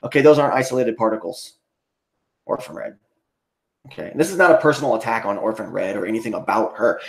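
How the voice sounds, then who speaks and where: A man livestreaming an angry, profane rant, ending most points with "okay?". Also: medium pitch.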